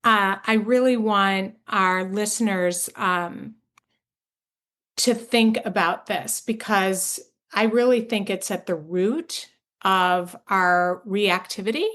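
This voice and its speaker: A woman's voice: medium pitch, slow, fairly bright tone. A middle-aged woman hosting a parenting podcast, chatting enthusiastically and affirming her guest, with lots of fillers and restarts. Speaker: podcast host. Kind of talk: conversational interview.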